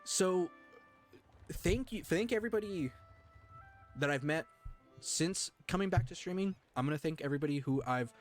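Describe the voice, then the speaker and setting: A man streaming live, talking earnestly and emotionally to his chat, with halting restarts. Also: fairly high pitch, animated, soft background music.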